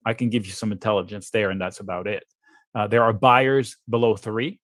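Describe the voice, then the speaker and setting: A man's voice: on the low side, steady tone, brisk, fairly bright tone, no room sound. A man giving blunt, offhand commentary as a guest trader on a live trading webinar, thinking aloud over charts.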